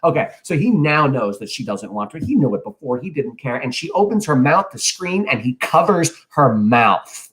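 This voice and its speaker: A man's voice: mid-range voice, big pitch swings, normal speed, few pauses, a bit bright. A man teaching a class, reading a novel aloud and stopping often to explain it, ask questions and comment earnestly. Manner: earnest, occasionally loses his place.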